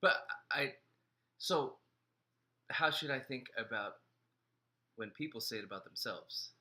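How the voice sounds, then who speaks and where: A man's voice: mid-range voice, expressive, measured pace, sharp tone. A man co-hosting a casual talk show, asking curious questions and giving brief affirmations. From immigrant family. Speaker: co-host. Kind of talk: casual conversational chat.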